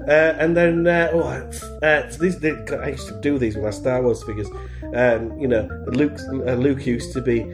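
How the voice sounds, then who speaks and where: A man's voice: mid-range voice, normal speed. A man with a Humber English accent and a stuffy voice from hay fever, chatting in a rambling, self-mocking way. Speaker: podcast contributor. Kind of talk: casual chat. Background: music.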